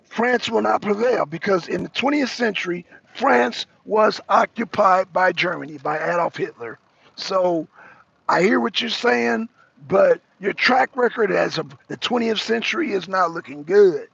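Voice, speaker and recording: Brief: American male talk show host, very high gravelly voice, dry close mic, heated repetitive political rant. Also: measured pace, a bit bright, no echo, lo-fi sound. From United States. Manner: profane, repetitive, raising his voice. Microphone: streaming microphone.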